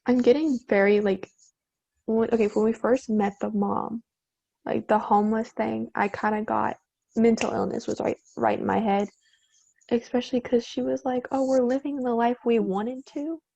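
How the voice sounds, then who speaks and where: Gravelly teen girl on a lo-fi call. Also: a little high, fairly even intonation, normal speed, mellow. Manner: casual, hesitant with fillers. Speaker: student in book discussion. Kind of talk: casual video call discussion. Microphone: video call. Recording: dull lo-fi video call audio.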